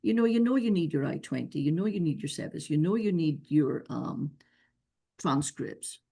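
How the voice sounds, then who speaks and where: A woman's voice: deep voice, animated, normal speed, vocal fry, dark tone, husky. A woman with a noticeable accent, giving earnest, emphatic visa advice in a webinar Q&A over a video call. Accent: non-local accent. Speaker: visa expert answering questions.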